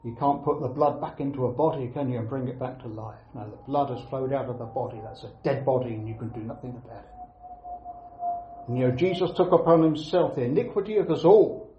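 Earnest preacher in an echoey room. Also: male voice, mid-range voice, slight background noise. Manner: earnest, emphatic, with repeated phrases and pauses. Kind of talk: sermon. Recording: echoey room, dull lo-fi sound.

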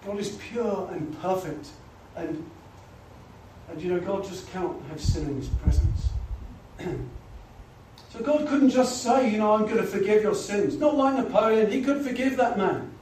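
In a church or gospel hall, a man delivers an earnest, pleading gospel sermon, frequently dropping in "you know." His high-pitched, darkish voice moves a little slowly, and the echoey recording catches him from a distance with faint noise.

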